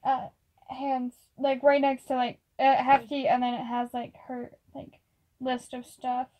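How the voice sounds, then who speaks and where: A woman narrating as game master of a tabletop role-play, in a casual, halting way with many fillers. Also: sits high, little pitch movement, a little mellow, rough recording.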